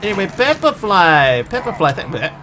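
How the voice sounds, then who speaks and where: A man's voice: high-pitched, very animated, moderate pace, a crowd in the background. A man streaming a game, chatting casually and rambling as he thanks viewers. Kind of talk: casual live-stream chat while gaming.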